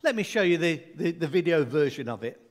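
A man's voice: fairly high pitch, expressive, fairly quick. A man preaching a sermon in a conversational, humorous way, with asides and jokes for his congregation.

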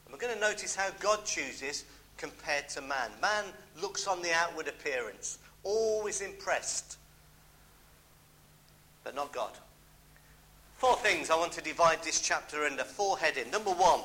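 A man's voice: a little high, animated, measured pace, sharp tone, poor audio. A middle-aged man with a British accent preaching a sermon, emphatic, repeating key phrases and adding homely asides.

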